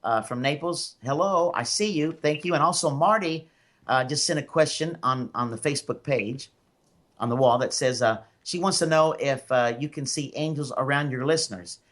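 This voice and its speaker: A man's voice: medium pitch, moderate pace, fairly bright tone. A man from Memphis with a Southern accent, hosting a call-in radio show as a psychic medium and telling stories in a rambling way with many fillers. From Memphis, Tennessee.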